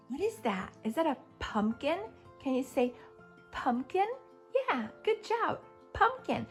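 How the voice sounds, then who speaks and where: A woman hosts a show for little children, drawing each word out very slowly. Her voice sits high and swoops up and down in a playful sing-song, with soft music playing behind her. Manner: sing-song, exaggerated, talks to toddlers. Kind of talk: preschool teaching and read-aloud.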